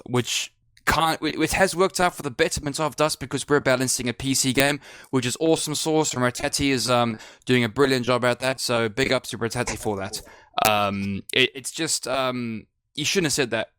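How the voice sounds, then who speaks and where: A man's voice: medium pitch, a bit bright, smooth, no room sound. A man on a gaming podcast panel, talking in a loose, rambling way with lots of "um" fillers and slangy asides. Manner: rambling, many "um" fillers, colloquial. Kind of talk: casual podcast chat.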